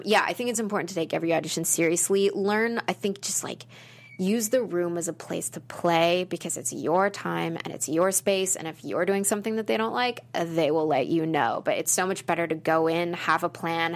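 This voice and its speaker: A woman actress talking casually in an interview, chatty and animated, with lots of fillers and restarts. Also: fairly low pitch, moderate pace.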